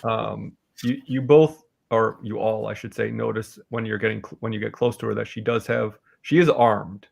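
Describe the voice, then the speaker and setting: A man's voice: lowish voice, fairly even intonation, moderate pace, creaky, hardly any pauses, darkish tone. A man narrating as game master in a casual tabletop game, laughing often.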